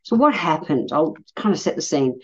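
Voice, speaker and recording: A middle-aged Australian woman telling a personal story in a casual, blunt way, swearing freely and getting animated when she quotes people. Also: low-pitched, normal speed, slightly rough, highs cut off. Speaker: podcast host.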